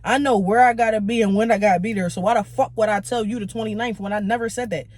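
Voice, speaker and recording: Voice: mid-range voice, quick pace. A young adult vlogger tells a heated, expletive-filled story, acting out each quoted line as it comes. The room sound is close and dry, with no echo. Irritation runs through the whole telling. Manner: heated, profane, animated retelling; acts out the quoted lines of others. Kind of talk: casual storytime rant.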